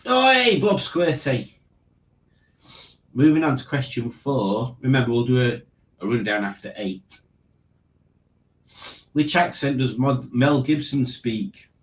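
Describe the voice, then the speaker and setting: A man's voice: medium pitch, a little slow, long pauses, reverberant, a little hiss or hum, rough recording. A man hosting a casual online quiz, reading questions and joking about them. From Liverpool, England. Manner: wry, mocking the questions. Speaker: quiz host.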